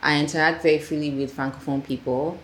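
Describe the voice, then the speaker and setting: Speaking quickly in a low voice, a Nigerian filmmaker tells stories as a podcast guest, bringing the people she quotes to life in a casual conversational interview. Echo and faint ambient noise fill the recording.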